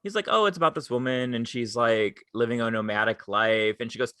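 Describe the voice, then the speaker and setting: A man's voice: medium pitch, a little fast, few pauses, no room sound, studio quality. A young man co-hosting a podcast, telling stories in casual chat and acting out the people he quotes. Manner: animated storytelling, quotes people with voices. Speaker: podcast co-host.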